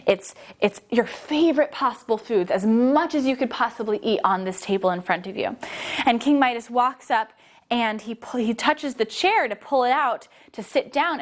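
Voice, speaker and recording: A young woman telling a story to children while leading them through movement, energetic and encouraging. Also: high-pitched. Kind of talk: guided kids' yoga storytelling.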